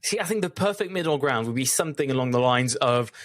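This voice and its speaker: A man's voice: mid-range voice, expressive, fast talker, fairly bright tone, dry recording. A man co-hosting a casual podcast chat, talking enthusiastically and leading the segments. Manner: chatty, enthusiastic, runs segments. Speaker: podcast co-host.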